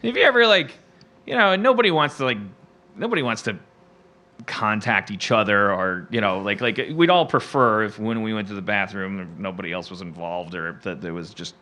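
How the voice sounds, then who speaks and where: A middle-aged man hosting a podcast, telling stories in halting, rambling casual chat and laughing mid-sentence. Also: lowish voice, sharp tone. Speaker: podcast host.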